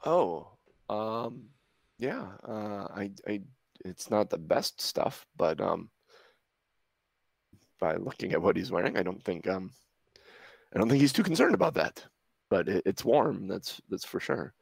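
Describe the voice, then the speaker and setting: A man's voice: lowish voice, very animated, measured pace, vocal fry, pauses often, breathy edge, no room sound, exaggerated voice. A man voicing a practical, obliging female dog kennel keeper in a tabletop game, talking hesitantly with lots of fillers. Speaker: shopkeeper character.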